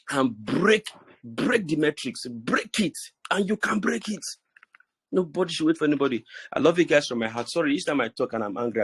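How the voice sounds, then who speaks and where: A middle-aged man with a Nigerian accent and a husky, medium-pitched voice gives a preachy motivational talk to his business group. He's repetitive, stammering and restarting often and repeating phrases. The recording is dry.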